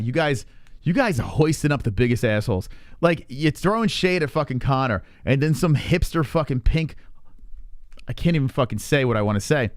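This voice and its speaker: A man's voice: medium pitch, no echo, clean studio sound. A man hosting a live stream and ranting casually, heated and full of profanity.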